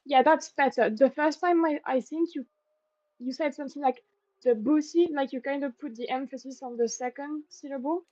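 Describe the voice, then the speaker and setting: A woman with a French accent and French as her first language, tutoring casually and pausing to search for words. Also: high voice, steady tone, darkish tone, no echo, highs cut off. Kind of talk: casual explaining.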